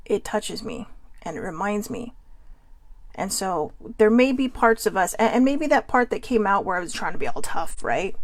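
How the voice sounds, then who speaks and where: A woman's voice: medium pitch, vocal fry, darkish tone, dry recording. A woman hosting a candid, rambling self-help talk, openly self-deprecating. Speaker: host.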